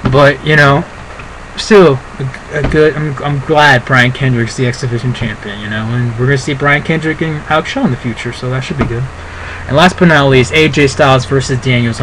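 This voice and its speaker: A man's voice: mid-range voice, fairly even intonation, moderate pace, background noise. A man giving a casual, rambling spoken review, full of fillers and asides. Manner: rambling, chatty, many fillers. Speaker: wrestling show reviewer.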